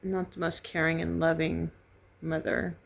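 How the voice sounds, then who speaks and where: A middle-aged woman telling a painful personal story in halting, grieving, raw speech. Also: sits low, flat delivery, gravelly. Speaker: vlogger sharing a personal story. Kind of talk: candid personal testimony.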